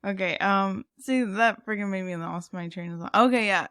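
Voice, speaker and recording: A woman's voice: medium pitch, normal speed, a bit bright, smooth, no room sound, clean studio sound. A woman co-hosting a podcast in casual chat, talkative, with lots of fillers and laughter. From lived in San Antonio, Texas. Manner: chatty, laughs often, many fillers. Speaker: podcast co-host.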